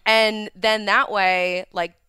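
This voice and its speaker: A woman co-hosting a casual talk show, chatting in a relaxed way. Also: medium pitch, slow, clean tone. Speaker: co-host. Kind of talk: casual chat.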